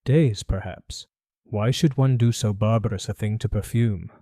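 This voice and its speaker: A man's voice: lowish voice, a little slow, warm tone, no echo, clean studio sound. A man voicing a suave French perfumer. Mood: evasive. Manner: suave, polite, evasive. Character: smooth, calculating French male perfumer. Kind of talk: audiobook character voice.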